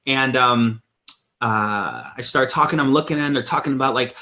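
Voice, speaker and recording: A man in his thirties hosting a weekly sales training call, telling a story in an energetic, animated way with many restarts. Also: brisk. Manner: energetic storyteller, lively swings in pitch. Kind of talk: casual live-stream talk.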